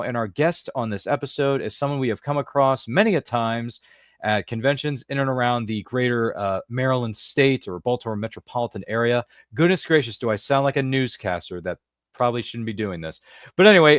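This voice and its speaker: A man's voice: medium pitch, animated, a little fast, dry recording, clean studio sound. A man hosting a podcast interview, chatty and jokey, with many fillers and asides. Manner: chatty, jokey, self-deprecating, filler-heavy. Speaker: podcast host. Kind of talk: casual interview chat.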